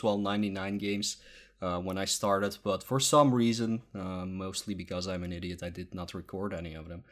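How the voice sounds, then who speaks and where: A sleepy man hosting a casual podcast, rambling with lots of ums and uhs. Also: deep voice. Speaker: podcast host.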